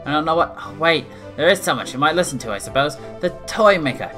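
A man's voice: on the high side, lively intonation, fast talker, over music, natural voice. Man voicing a fussy kindly old nanny. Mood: fretful. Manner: doting, fretful.

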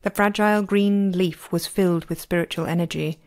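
A woman narrating a novel as an amateur audiobook reader, with expressive, varied pacing. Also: fairly low pitch, moderate pace.

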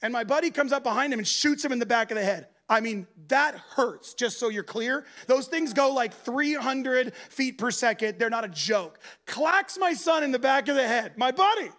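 Man, very high voice, animated casual sermon, acts out voices. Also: normal speed, hardly any pauses. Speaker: guest preacher. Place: church gathering.

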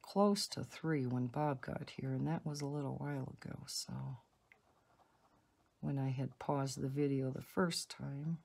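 A woman's voice: very deep voice, measured pace, creaky, darkish tone, breathy edge. A woman hosting a coloring channel, chatting casually and rambling through asides while she colors at home. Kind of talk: casual color-along chat. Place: home, indoors.

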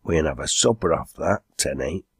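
Gruff village schemer, read by a man, low and raspy. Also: expressive, a little fast, dry recording, clean studio sound, full character voice. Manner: broad dialect, gruff. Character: blunt, scheming male Lancashire villager.

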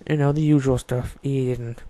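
A man's voice: mid-range voice, steady tone, moderate pace, mellow, no room sound. A man giving casual, chatty let's-play commentary, joking and talking to the game's characters as he plays. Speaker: gaming YouTuber.

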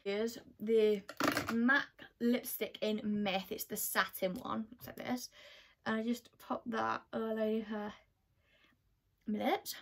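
Teen girl, beauty vlogger, bit high voice, rambling makeup chat. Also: level tone, slow. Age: teens. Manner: chatty, lots of "like" fillers. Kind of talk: get-ready-with-me makeup chat.

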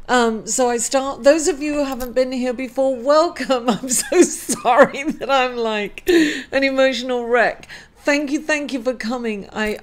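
Halting, apologetic woman reading horoscopes. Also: fairly high pitch. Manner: emotional, apologetic, halting with many fillers. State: grieving, tearful at times. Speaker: astrology reader. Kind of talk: casual weekly horoscope talk.

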